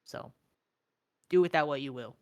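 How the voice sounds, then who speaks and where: A young woman with a very deep voice co-hosts a stream, casually chatting about miniature painting at normal speed. She rambles, laughs often, and leans heavily on fillers.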